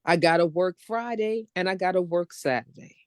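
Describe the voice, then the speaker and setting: A woman's voice: lowish voice, moderate pace, a little mellow, clean tone, no room sound. Frustrated middle-aged woman venting, dry sound. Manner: frustrated ranting, talks in long run-on stretches. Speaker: open mic participant. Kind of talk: casual venting chat.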